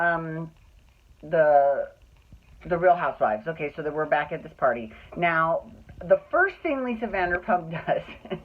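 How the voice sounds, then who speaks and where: A podcast host in casual, gossipy recap chat, rambling with restarts and campy slang. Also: mid-range voice. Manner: chatty, rambling, with frequent restarts and laughs. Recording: tinny phone-like sound.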